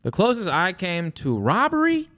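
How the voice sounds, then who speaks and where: A man's voice: sits high, moderate pace. A young man co-hosting a podcast, chatting casually and acting out quotes as he tells stories. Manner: animated storyteller, acts out quotes. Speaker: podcast co-host. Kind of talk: casual chat.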